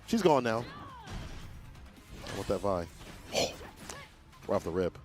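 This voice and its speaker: Chill guy co-hosting a fighting game stream, lowish voice, swings up and down a lot, music going behind. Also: moderate pace. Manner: laid-back, slangy, animated reactions. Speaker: co-host commentator. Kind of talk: casual fighting game co-commentary.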